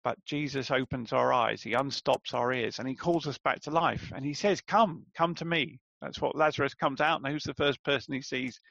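A man's voice: medium pitch, fairly even intonation, a little fast, vocal fry, hardly any pauses, a bit bright, no room sound, lo-fi sound. A man preaching a sermon in a conversational way, asking rhetorical questions and calling his listeners friends.

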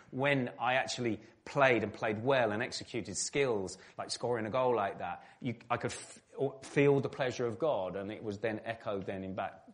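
A middle-aged man from England answering interview questions at an evening event, chatty and self-deprecating, with many restarts. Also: on the low side. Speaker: guest, former footballer turned pastor.

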